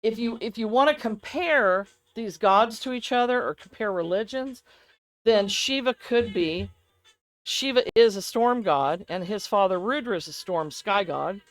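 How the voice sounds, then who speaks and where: A woman co-hosting a loose, casual podcast conversation. She rambles from thought to thought in an animated way and laughs often. Her voice sits at an ordinary middle pitch. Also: measured pace, rough recording. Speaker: podcast co-host. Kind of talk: casual chat.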